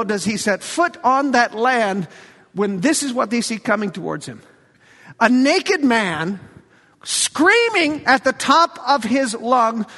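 Male preacher, high bright voice, animated storyteller, long church-hall reverb. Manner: animated storytelling, acts out quotes, jokes. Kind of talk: sermon.

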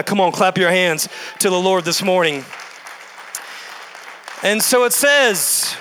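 High, bright-voiced man preaching. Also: long reverb tail. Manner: emphatic and repetitive, building in bursts. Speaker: pastor. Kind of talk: sermon. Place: church sanctuary.

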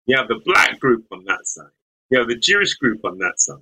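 A man's voice: medium pitch, sing-song, brisk, bright, forceful tone, slightly rough, poor audio. A middle-aged man from the West Midlands, a lawyer, recalling his youth in a thoughtful, searching interview manner. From English West Midlands. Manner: thoughtful, searching, with frequent restarts and light laughs. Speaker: lawyer and podcast guest. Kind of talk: reflective interview storytelling.

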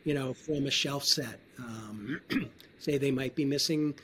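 A man talking casually as a wine trade guest in an interview, relaxed and often clearing his throat. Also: mid-range voice, a little slow, a little hiss or hum.

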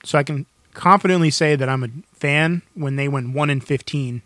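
Excitable higher-voiced man, dry sound. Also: normal speed, no echo. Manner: excitable, laughs often, restarts sentences. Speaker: podcast co-host. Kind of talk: casual chat.

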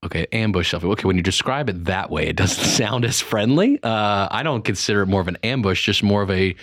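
Lively, joking male radio host. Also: on the low side, brisk, no echo, clean studio sound. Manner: joking, playful, teasing asides. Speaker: radio morning show host. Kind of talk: casual radio banter. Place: radio studio. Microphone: studio microphone.

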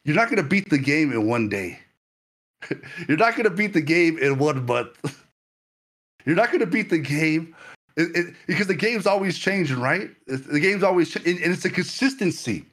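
A man's voice: fairly high pitch, lively intonation, moderate pace, a bit bright. A man preaching a sermon to a livestream audience, earnest and full of stammered repetitions.

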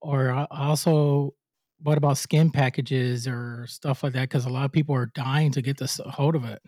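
A man's voice: mid-range voice, flat delivery, normal speed, darkish tone, dry recording, studio quality. A man hosting an interview show, chatting casually, laughing often and stumbling when reading from notes. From United States. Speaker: podcast host.

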